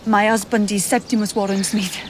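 An actress playing an anxious young wife who speaks in a pleading, worried way. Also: female voice, medium pitch, steady tone, fairly quick, a little hiss or hum, natural voice. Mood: polite.

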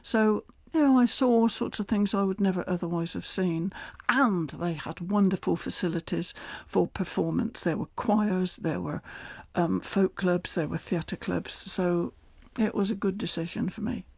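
A man's voice: sits high, normal speed, vocal fry, a little mellow, slightly rough, no room sound, studio quality. An older man with a West Country accent, chatting as a radio interview guest and laughing often as he tells stories. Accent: West Country English.

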